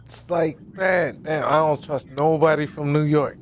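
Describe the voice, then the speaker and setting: A man's voice: a little high, fairly even intonation, a little slow, slight background noise. Man in loose, teasing banter. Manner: loose, teasing banter, calls out to others by name. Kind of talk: casual panel talk.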